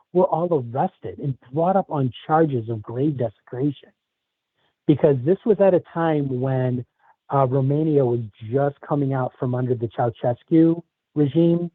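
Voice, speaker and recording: Male guest on remote call, measured storytelling with fillers, narrow lo-fi audio. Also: mid-range voice, dry recording. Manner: measured, hesitant, lots of fillers. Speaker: podcast guest. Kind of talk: casual interview, storytelling. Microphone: video call.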